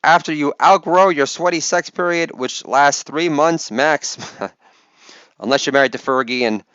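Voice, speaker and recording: A man's voice: a little high, fairly bright tone, clean tone, no echo, muffled recording. Man firing off crude stand-up one-liners. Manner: crude rapid-fire one-liners with mock hype calls. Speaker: stand-up comedian. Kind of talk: stand-up comedy routine. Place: comedy stage with audience.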